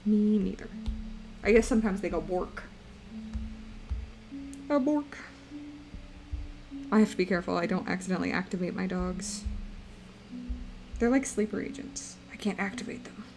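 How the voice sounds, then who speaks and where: A woman's voice: on the low side, steady tone, a little fast, vocal fry, darkish tone, soft background music. A young woman streaming live, chatting playfully and rambling to her viewers while she draws. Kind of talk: casual live-stream chat while drawing.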